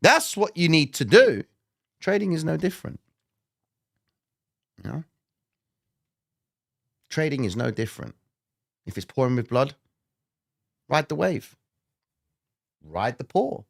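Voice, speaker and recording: Man, trading host, blunt, swearing, mutters then shouts, dry close sound. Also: fairly high pitch, sing-song, takes it slowly, vocal fry, long pauses, no room sound. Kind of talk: live trading Q&A, animated rant.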